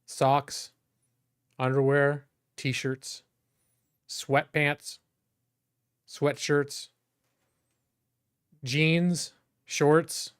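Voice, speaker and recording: A man's voice: on the high side, clear, resonant tone. A man streaming from his bedroom, chatting casually and rambling as he shows the room. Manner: rambling, restarts sentences. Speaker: streamer giving a room tour. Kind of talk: casual chat. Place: bedroom at home.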